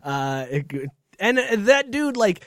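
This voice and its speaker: High-voiced joking man on a dry mic. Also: slow pace, no room sound. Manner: joking, animated storytelling with frequent laughs. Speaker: podcast host. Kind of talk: casual sports podcast chat.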